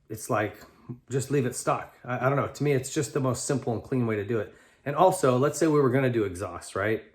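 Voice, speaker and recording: A man hosting a talk show, answering listener letters in a loose, rambling conversational way with lots of restarts. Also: mid-range voice. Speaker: podcast host and bike tester. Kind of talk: casual chat answering listener mail.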